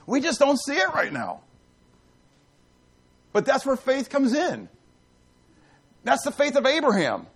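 A man preaching an interactive sermon, quizzing his listeners and swinging between loud emphasis and hushed asides. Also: very high voice, unhurried, long pauses, breathy edge. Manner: animated, questions the congregation, dramatic swings from loud to hushed. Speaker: pastor.

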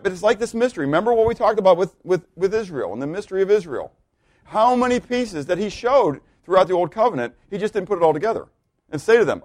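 A man preaching a sermon, teaching with frequent questions to the congregation and reading scripture slowly with emphasis. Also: high voice, dry recording. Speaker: pastor.

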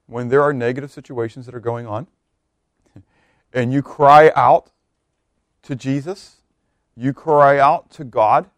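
A man preaching a sermon, swinging from loud emphatic bursts to hushed quiet lines. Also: mid-range voice, no echo.

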